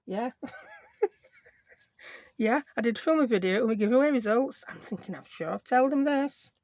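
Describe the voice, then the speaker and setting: A woman's voice: a little high, lively intonation, moderate pace, darkish tone, no echo. A middle-aged woman with a Yorkshire accent, chatting and rambling casually as she crafts on her own channel, self-mocking and talkative. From Yorkshire, England.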